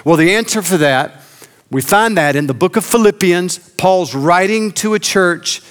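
Earnest preaching man, slightly high. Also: fairly bright tone. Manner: earnest preaching, slowing and dropping low for emphasis. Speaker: pastor. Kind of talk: sermon.

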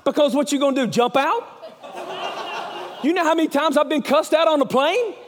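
A man preaching a sermon as an evangelist, with a Southern US accent, telling stories with passion and swinging from loud to hushed. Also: very high-pitched, moderate pace, in a large hall.

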